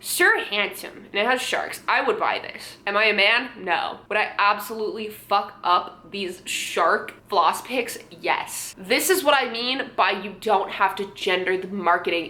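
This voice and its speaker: A woman's voice: medium pitch, sharp tone. Sarcastic young woman in an echoey room. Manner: blunt, sarcastic, swears and laughs often. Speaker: vlogger. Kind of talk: casual commentary.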